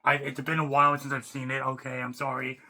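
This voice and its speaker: A man ranting off the cuff as a fan, rambling and excitable, restarting sentences and swearing casually. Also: medium pitch, fast. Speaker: YouTuber. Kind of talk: unscripted fan rant.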